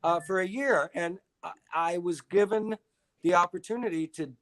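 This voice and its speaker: A man's voice: high-pitched, moderate pace. An older man, a guest in a casual interview, telling long stories in a wry, self-deprecating way.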